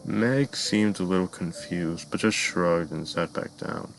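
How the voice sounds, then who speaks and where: A man narrating a dark fan-made cartoon story in a measured storytelling voice, sometimes addressing the listeners. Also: deep voice, faint music behind, poor audio.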